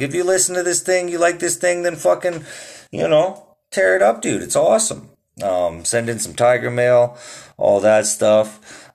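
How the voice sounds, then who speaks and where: A man's voice: medium pitch, creaky. Rambling, swearing male podcast host. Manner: loose, rambling, heavy swearing, lots of "dude". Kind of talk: casual solo podcast chat.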